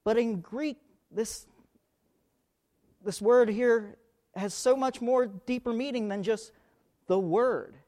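Slow, high-voiced male preacher. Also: dark tone. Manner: emphatic, repeats key words, searches aloud for verses. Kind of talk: sermon.

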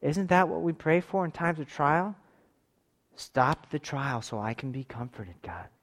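A man in his thirties preaching a sermon, moving between forceful raised passages and quiet, intimate tones. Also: on the high side, unhurried. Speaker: pastor.

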